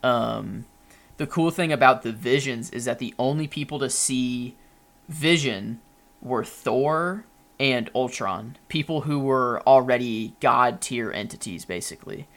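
A man's voice: medium pitch, measured pace, a bit bright. Rambling young man podcaster. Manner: rambling, many fillers and restarts. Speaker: podcast co-host. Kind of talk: casual chat.

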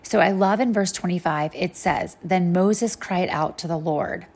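Woman, Bible study teacher, slightly low voice, chatty, plays out the story's voices. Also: husky. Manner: chatty, animated, acts out quick voices for God and people.

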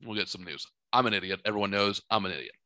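A middle-aged man hosting a casual chat, telling rambling, profane, animated stories from his home studio. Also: on the low side, fast talker, no room sound. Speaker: podcast host.

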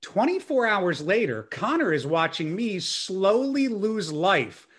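A young man telling a story in a casual chat, animated and self-mocking. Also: high-pitched, takes it slowly.

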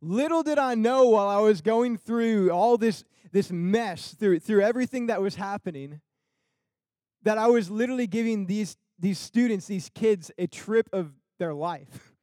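A man's voice: high voice, normal speed, darkish tone, no room sound, clean studio sound. A young man telling a funny personal story to an audience, laughing often and acting out the people he quotes.

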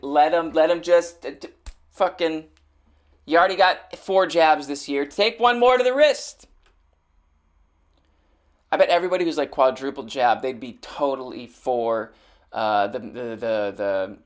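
A young man hosting his own show, rambling sarcastically with lots of restarts and swearing. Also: medium pitch. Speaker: podcast host. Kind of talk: rambling comedic rant. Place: Los Angeles.

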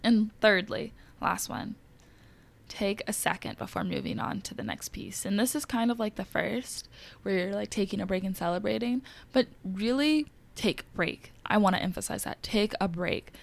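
A young woman talks straight to her listeners in a casual, candid way and leans hard on her main points. Her voice sits at an ordinary pitch, with a gravelly rasp that runs under her words. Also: moderate pace. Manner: candid, emphatic and encouraging, addressing listeners directly. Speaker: wellness podcast host. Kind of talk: casual advice talk.

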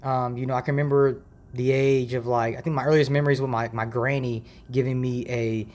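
A man from Ohio hosting a casual faith podcast, talking in a rambling, relaxed way full of slang, recorded on a decent mic in a makeshift home setup. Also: medium pitch, a little fast. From Ohio, USA. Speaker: podcast host.

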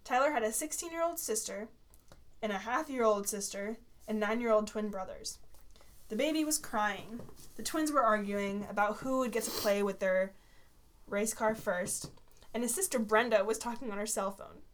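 A woman's voice: mid-range voice, moderate pace. Giggly woman reading a story aloud. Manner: giggly, reads with asides and corrections.

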